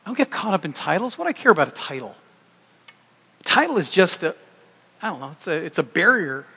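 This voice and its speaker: A man's voice: sits high, very animated, fairly quick, bright, forceful tone, breathy edge, big-room sound. A middle-aged man preaching a sermon as pastor, conversational and joking, with rambling restarts.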